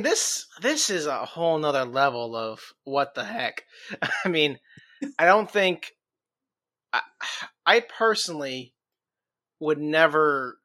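Bright-voiced man laughing through chat. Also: a little high. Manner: laughing, hesitant, repeats words. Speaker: podcast co-host. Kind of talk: casual chat.

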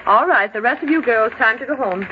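An actress playing a strict, curt middle-aged office supervisor in a 1940s radio drama, heard on an old broadcast recording. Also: female voice, on the high side, animated, fairly quick, lightly acted. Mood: stern. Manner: curt, authoritative. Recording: dull old radio broadcast, faint hiss.

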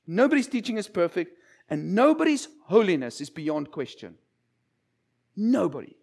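Male minister, lively sermon delivery, higher voice with gravel in it. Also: moderate pace. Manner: animated, conversational preaching with acted-out quotes.

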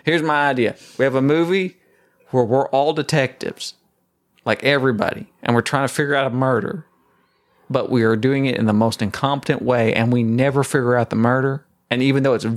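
A man's voice: mid-range voice, fairly quick. A man co-hosts a casual podcast, riffing on ideas and teasing his partner. His voice sits in an ordinary middle range. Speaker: podcast co-host. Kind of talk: casual chat.

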